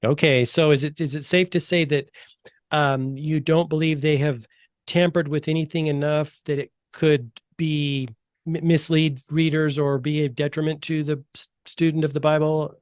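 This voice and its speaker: A man's voice: on the high side, flat delivery, moderate pace, no echo, studio quality. A man hosting a podcast in a casual interview, asking questions and giving short affirmations. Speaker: podcast host.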